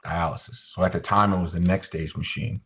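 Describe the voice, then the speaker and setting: Deep husky man telling stories casually. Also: a little fast. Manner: relaxed, joking, loose with fillers like "you know". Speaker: podcast guest, musician and motivational speaker. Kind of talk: casual storytelling interview.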